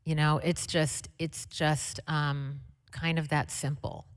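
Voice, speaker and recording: A woman guest telling stories in a chatty, excitable way with lots of fillers, speaking onstage at a live conversation event. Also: deep voice, takes it slowly, smooth. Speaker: interview guest, singer. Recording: long hall reverb.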